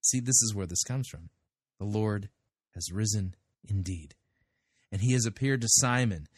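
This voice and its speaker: A man's voice: on the low side, moderate pace, breathy edge, no room sound. A man hosting a show, giving blunt, sarcastic commentary on a sermon. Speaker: podcast host critiquing sermons. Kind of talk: casual commentary.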